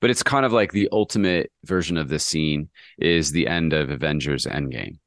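A man with a deep voice riffs eagerly in a casual podcast chat, full of loose asides. The sound is dry and close, with no room around it. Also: moderate pace, fairly bright tone, no echo. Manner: enthusiastic, rambling, lots of fillers. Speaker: podcast co-host.

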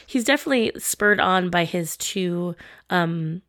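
A woman co-hosting a casual film chat, adding halting asides and agreement. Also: on the low side, lively intonation, a bit bright, dry recording, studio quality. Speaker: podcast co-host.

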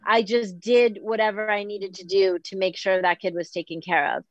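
A middle-aged woman from Boston, a guest talking candidly in an animated, self-deprecating way and often quoting herself. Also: medium pitch, moderate pace, dry recording, muffled recording. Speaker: podcast guest. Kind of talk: candid conversational chat.

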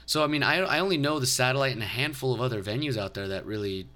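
A man's voice: medium pitch, lively intonation, fast, sharp tone. A man hosting a podcast in casual interview chat, enthusiastic and swearing offhandedly. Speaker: podcast host.

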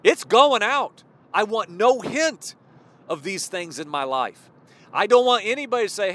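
A man's voice: high-pitched, animated, unhurried, a bit bright. A man giving an informal sermon to other men, rambling and restarting, addressing them as brothers. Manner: rambling, restarts often, talks to listeners as brothers. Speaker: preacher.

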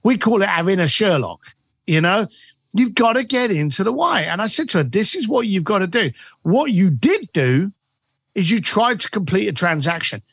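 A man's voice: sits high, moderate pace, creaky, slightly rough, no echo, clean studio sound. A man being interviewed as a guest author and coach, telling stories animatedly and acting out the dialogue. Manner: animated, acts out quoted dialogue. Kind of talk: interview storytelling.

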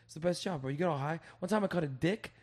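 A young man in casual chat, telling rowdy stories and swearing a lot, acting out loud quoted voices. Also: on the high side, racing.

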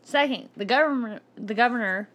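A woman's voice: on the high side, fairly quick, fairly bright tone. A woman in casual chat, firmly laying out her argument point by point.

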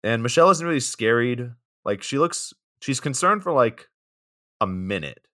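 A man's voice: medium pitch, sing-song, moderate pace, fairly bright tone. A young man co-hosting a podcast, recapping a movie's plot in a laid-back way with fillers and side comments.

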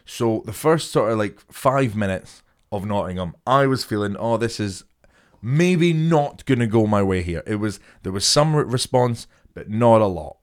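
A man's voice: on the low side, expressive, moderate pace. A young man co-hosting a podcast, swearing freely and acting out stories in casual chat. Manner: swears a lot, acts out anecdotes. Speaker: podcast co-host.

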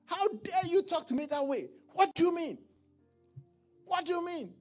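A man voicing an arrogant rich man who sneers at the poor, shouting and sputtering over his own words. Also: expressive, normal speed, faint music behind. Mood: haughty. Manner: shrill, shouting, sputtering and repeating himself.

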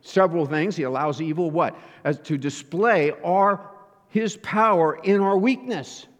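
A man's voice: fairly high pitch, measured pace. A man preaching a sermon, teaching earnestly and asking rhetorical questions. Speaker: pastor. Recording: reverberant hall.

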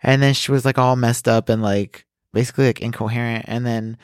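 Animated swearing male podcast co-host. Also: medium pitch, brisk, clean tone, no echo, clean studio sound. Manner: animated, swears a lot, acts out quotes loudly. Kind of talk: casual chat, reading news and storytelling.

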